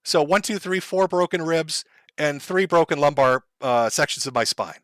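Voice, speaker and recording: Man, sneering and sarcastic, bright forceful voice, dry close sound, livestream rant. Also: a little high, animated, no room sound. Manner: mocking, sarcastic, drawn-out taunts. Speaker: live streamer.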